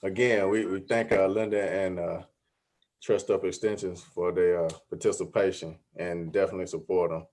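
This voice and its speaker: A man's voice: sits low, fairly even intonation, moderate pace, darkish tone. A man co-hosting a live podcast, easygoing and laughing along while promoting a small business. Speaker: podcast co-host. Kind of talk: casual live-stream chat.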